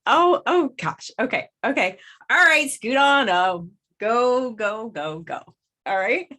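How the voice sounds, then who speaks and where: A woman's voice: a little high, animated, takes it slowly, sharp tone, heavily acted. A woman acting in a student stage play as an emotional, flustered young woman who gushes, laughs and stammers. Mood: giggly teasing. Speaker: student performer.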